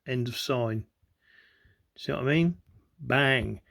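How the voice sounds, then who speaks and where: A man with a gravelly edge talks through video clips, pointing things out as they play. He circles back on the same phrases again and again, pressing the listener to look. His pitch sits in the ordinary middle range for a man. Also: slow, fairly bright tone. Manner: repetitive, keeps saying "look" and "you know what I mean". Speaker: conspiracy video host. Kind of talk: rambling commentary over video clips.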